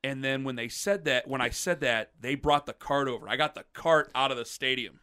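A man's voice: mid-range voice, a little fast, clear, resonant tone. A man hosting a podcast, telling a long personal story in casual chat and acting out what others said. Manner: animated, acts out quotes of others. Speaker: podcast host.

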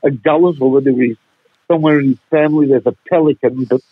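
A man's voice: mid-range voice, steady tone, breathy edge, dry recording. A man telling jokes and stories in radio banter, heard over a phone line. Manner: joking, drawn-out storytelling. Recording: tinny dry phone line.

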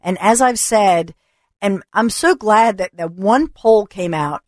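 A woman's voice: mid-range voice, slow pace, a little mellow, no echo. Chatty woman radio host, dry studio. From Philadelphia area. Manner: chatty, reassuring, restarts often. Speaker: radio talk show host. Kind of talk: casual talk radio monologue. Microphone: studio microphone.

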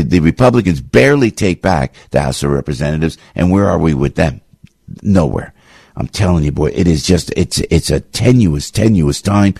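A man's voice: low voice, creaky, a little mellow, husky, no echo, studio quality. An older man hosting a radio show, delivering a fired-up, pleading political monologue full of repeats and restarts.

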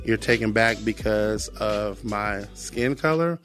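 A man's voice: on the low side, slow pace, fairly bright tone, soft background music. An earnest middle-aged American man sharing a personal testimony, reflective, often repeating phrases. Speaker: guest sharing his testimony.

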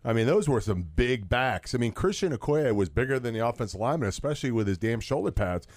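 A man's voice: medium pitch, sing-song, fast, darkish tone, no echo, studio quality. A man who played football, chatting casually and telling rambling anecdotes with plenty of fillers. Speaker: co-host, former football player. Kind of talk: casual sports chat, storytelling.

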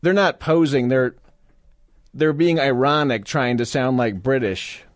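A man hosting talk radio from a dry, close-miked studio. His monologue wanders and often turns sarcastic, mocking as he goes, in a mid-pitched voice. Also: unhurried, dry recording. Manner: sarcastic, rambling, mock-indignant asides. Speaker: radio talk show guest host. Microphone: studio microphone.

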